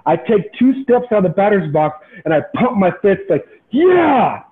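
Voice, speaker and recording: A man in his forties, a former pro ballplayer, tells a story as a podcast guest in an animated, intense, motivational way, repeating words when excited. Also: sits high, a little fast. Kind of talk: storytelling in casual interview. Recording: tinny phone-like sound.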